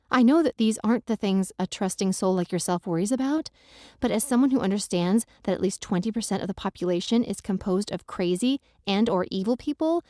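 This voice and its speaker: Woman narrator doing a teasing, insistent best friend in an audiobook; mellow tone, dry close read. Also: mid-range voice, no echo, natural voice. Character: protective, wisecracking young married woman friend. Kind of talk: audiobook dialogue reading.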